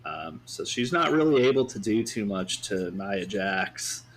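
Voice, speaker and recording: A man's voice: lowish voice, sing-song, a little slow, a little hiss or hum. A man hosting a podcast, recapping a wrestling show in a casual, rambling way full of fillers. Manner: rambling, with many fillers and hedges. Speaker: podcast host.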